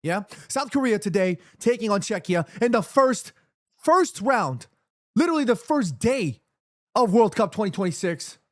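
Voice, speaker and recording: Excited guy streaming from his room, kinda high voice, super dry close sound, keeps repeating stuff. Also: moderate pace, dry recording. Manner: excitable, emphatic, repeats himself when nervous. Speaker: streamer hosting a football watchalong. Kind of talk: excited livestream chat. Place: his room in New York City, indoors.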